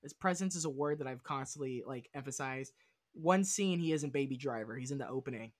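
A man's voice: mid-range voice, a little fast, no room sound, clean studio sound. A man talking as a guest on a casual film podcast, rambling and swearing enthusiastically as he goes off on tangents.

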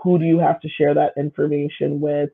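Woman on a tinny phone line, gravelly. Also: sits low, level tone, a little fast. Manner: thoughtful, many fillers and restarts. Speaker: guest, local official and school staff. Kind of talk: casual conversation.

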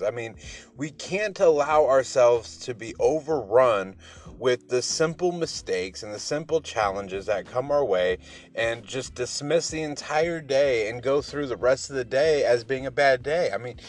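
A man hosting his morning podcast, talking casually in an upbeat, rambling, motivational way over faint music. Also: mid-range voice. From Pacific Northwest. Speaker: podcast host.

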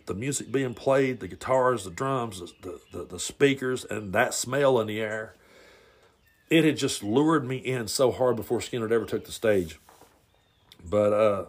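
A man tells a personal story on his podcast. His delivery is blunt and rambling, with many stumbles and repeated words. His pitch sits in a middle range. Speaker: podcast host. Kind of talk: casual storytelling monologue.

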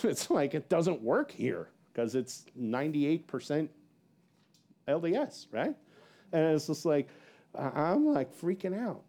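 A male pastor preaching a sermon as a rambling personal story, acting out what people said with big swings in his voice and laughing at himself. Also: unhurried. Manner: animated, acts out quotes with big pitch jumps; rambling with many fillers and self-laughs.

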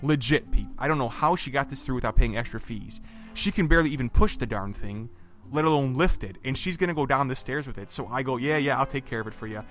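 A man's voice: medium pitch, fast talker, faint music behind. Chatty man telling a trip story. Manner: animated storyteller, acts out quotes, many fillers and restarts. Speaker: podcast co-host. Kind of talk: casual podcast storytelling.

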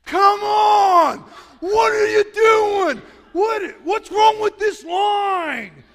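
A woman's voice: very high-pitched, very slow, pitched above the performer's own voice, heavily acted. A man doing a shrieking impatient woman. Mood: furious. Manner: shouting, demanding, frantic. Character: shrieking impatient middle-aged woman in line. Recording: shouted in a large reverberant hall.

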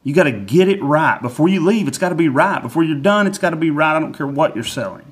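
A man's voice: on the high side, animated, fast talker, husky. A man giving a casual motivational monologue in a folksy, repetitive way, with many fillers and restarts.

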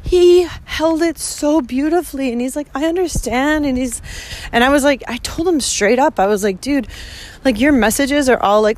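A woman's voice: fairly high pitch, normal speed. A young woman in a casual walking vlog, talking candidly and emotionally, swearing often, recorded outdoors on a phone. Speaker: vlogger. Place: outdoors walking to a train station.

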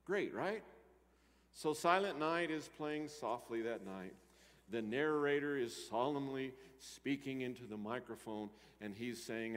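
A man preaching a sermon, moving between loud emphatic lines and quiet asides. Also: medium pitch, measured pace. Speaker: pastor. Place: church sanctuary. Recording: church hall reverb.

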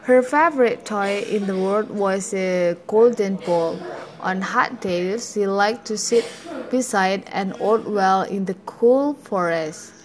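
Woman, fairy-tale read-aloud, slow pace, halting, frequent self-corrections. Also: mid-range voice. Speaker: storyteller.

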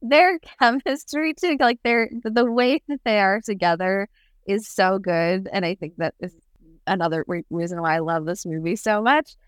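A woman's voice: medium pitch, moderate pace, clean tone, no room sound, clean studio sound. A woman co-hosting a podcast, chatting casually about a movie, laughing often and acting out quotes. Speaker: podcast co-host.

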